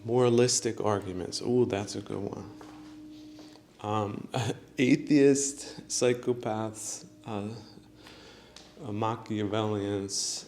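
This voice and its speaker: A male podcast host talking on his own in an unhurried, rambling way. His voice sits low and has a gravelly fry, and he fills gaps with lots of ums and uhs. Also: darkish tone, a little hiss or hum. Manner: rambling, many fillers, chuckles at own jokes. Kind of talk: solo podcast monologue.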